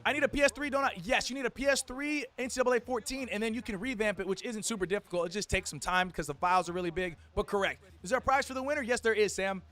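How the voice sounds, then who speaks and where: Brief: young male streamer, high voice, hype play-by-play with slang. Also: quick pace, hardly any pauses, sharp tone. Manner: hype play-by-play with casual slang, chats with viewers. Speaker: streamer and tournament commentator. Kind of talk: live-stream play-by-play commentary.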